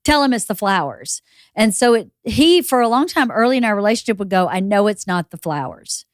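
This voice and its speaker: A candid woman podcast host in her thirties. Her pitch moves a lot as she tells personal stories, and the close mic sounds completely dry. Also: brisk, no echo. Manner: candid, expressive, laughs easily. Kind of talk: casual chat.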